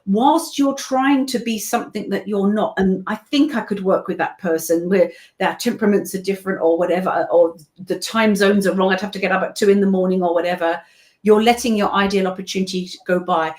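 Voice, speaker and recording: With a mid-range, slightly mellow voice and fairly even intonation, a British voice-over narrator talks fairly quickly as a guest in a casual video-call interview. She wanders through long stories, adding aside after aside.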